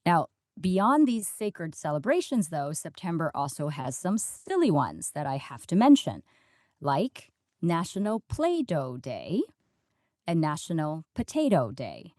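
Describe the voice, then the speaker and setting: A woman podcast host who banters playfully and laughs easily. Her lowish voice moves around a lot in pitch. The sound is dry and close, with no room around it. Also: huge pitch swings, a little slow, darkish tone, no echo. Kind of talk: scripted podcast intro and banter.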